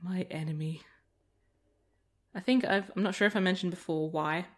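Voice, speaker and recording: A rambling, laugh-prone woman talks over her gameplay in a relaxed, chatty way. Her voice sits a little low for a woman, and she drifts easily from the game into long anecdotes, close to a desk mic. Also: normal speed. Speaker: gaming video creator. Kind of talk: casual let's-play chat.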